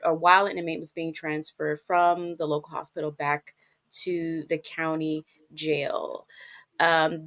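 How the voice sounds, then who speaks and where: Woman co-host, lower voice, loose news read with hesitations. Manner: relaxed, hesitant, many ums. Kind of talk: casual news discussion.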